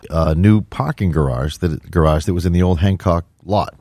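A man hosting a radio interview, quick and stumbling over restarts. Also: sits low, dark tone, no room sound, clean studio sound. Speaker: host.

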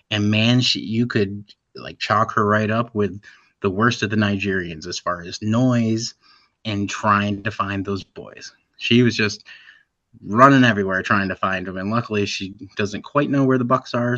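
Bright-voiced joking man co-host. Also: fairly low pitch, dry recording. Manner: joking, laughs often. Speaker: podcast co-host. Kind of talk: casual chat. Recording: dull lo-fi sound.

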